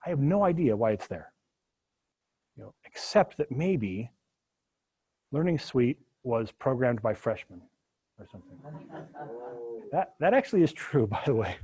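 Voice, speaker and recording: Husky, animated male coding instructor. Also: mid-range voice, a little slow, long pauses. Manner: animated, jokey asides while working through code. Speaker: university instructor. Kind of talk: live classroom coding lecture.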